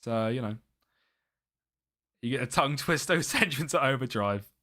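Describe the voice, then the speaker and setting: A man's voice: mid-range voice, animated, normal speed, bright, forceful tone. A young British man chatting casually on a live gaming stream, muttering to himself and laughing often.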